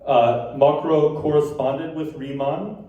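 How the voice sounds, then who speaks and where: A man's voice: on the high side, steady tone, slow pace, muffled recording. A man giving a conference lecture, explaining ideas and now and then tapping out rhythms in sung syllables. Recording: echoey hall from far off.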